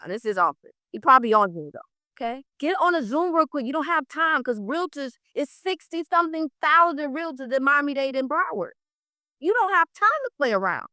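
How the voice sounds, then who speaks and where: An energetic woman leads a live training class and speaks straight to her students. Her voice sits fairly high and sounds bright and forceful. The recording is dry and close. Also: dry recording. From South Florida. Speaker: real estate trainer.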